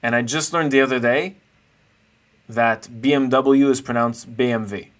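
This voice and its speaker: A man's voice: medium pitch, moderate pace, a bit bright. A man streaming live, chatting casually and playfully with his viewers while he rates chess games. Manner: chatty, playful, thinks aloud while searching.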